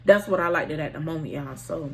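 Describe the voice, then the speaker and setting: A woman's voice: deep voice, fast, creaky, noisy background. A woman telling a personal story in a casual storytime vlog, candid and slangy, often talking straight to her viewers. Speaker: storytime vlogger.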